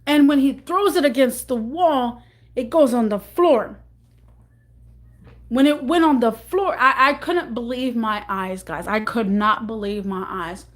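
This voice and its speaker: Halting, emotional young woman storyteller. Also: on the high side. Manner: halting, repeats herself, rambling. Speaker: vlogger.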